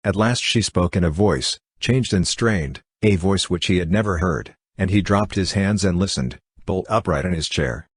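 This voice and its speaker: A man reading a classic novel aloud as an audiobook narrator, in an even, measured way. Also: low voice, husky, no room sound, studio quality. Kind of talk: scripted narration.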